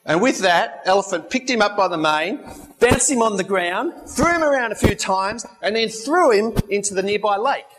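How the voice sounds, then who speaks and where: A man's voice: sits high, lively intonation, moderate pace. A man preaching a sermon as a pastor, conversational, with stories, asides and light humor.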